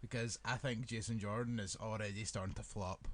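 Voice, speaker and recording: A man's voice: fairly low pitch, fairly even intonation, a little fast, fairly bright tone. A young Scottish man co-hosting a podcast in loose, casual banter. He rambles and swears, and he fills his talk with "like" and "um.". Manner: rambling, swearing, filler-heavy. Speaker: podcast co-host.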